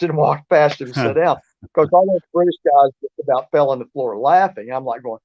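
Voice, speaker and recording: A man's voice: a little high, brisk, darkish tone, muffled recording. Rambling man telling stories. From southeast Oklahoma. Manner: rambling, with many restarts and fillers. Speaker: guest, researcher and author. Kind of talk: casual storytelling interview.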